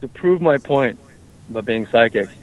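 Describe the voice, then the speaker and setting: A man's voice: medium pitch, lively intonation, normal speed, narrow, tinny audio. A man hosting a comedic call-in talk show, brash and joking, swearing freely and rambling. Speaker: host.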